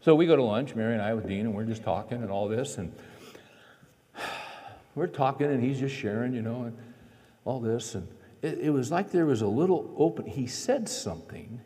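A man tells a story from the pulpit in a relaxed, folksy way, voicing the people in it as he goes. His voice is mellow and darkish, sitting at an average pitch. The sound rings with the long reverb of a large hall. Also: normal speed. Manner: conversational, folksy storytelling with quoted dialogue. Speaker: preacher. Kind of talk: storytelling sermon.

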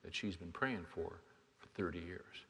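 A man preaching a sermon as a pastor, dropping to quiet, hushed lines and then rising to loud, fervent exhortation. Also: deep voice, unhurried. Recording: long hall reverb.

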